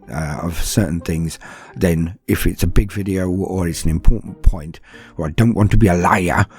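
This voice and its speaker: Low husky-voiced man, BBC English. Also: darkish tone. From southern England. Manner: chatty, self-deprecating, rambling asides. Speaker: YouTube narrator answering patron questions. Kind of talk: casual podcast Q&A.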